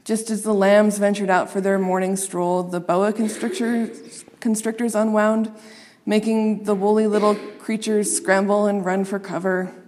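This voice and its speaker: A woman reading a children's story aloud, expressive and playing up the sound words. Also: mid-range voice, measured pace, big-room sound, a little hiss or hum.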